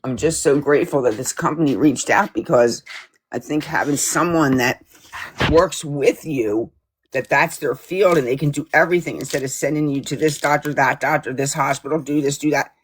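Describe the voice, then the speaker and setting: A woman's voice: deep voice, moderate pace, breathy edge. A woman joining a livestream remotely, talking in a soothing, reassuring way to comfort a friend. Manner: soothing, reassuring, steady talker. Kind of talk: casual supportive chat. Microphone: joined remotely on the stream.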